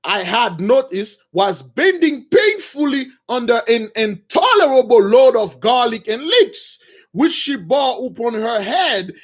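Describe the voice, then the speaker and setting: A man delivering a sermon, reading a passage aloud and then retelling it in his own words, calling his listeners brothers. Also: very high voice. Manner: addresses listeners as brothers, restarts, repeats, informal asides. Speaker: preacher. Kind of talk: sermon reading a text with commentary.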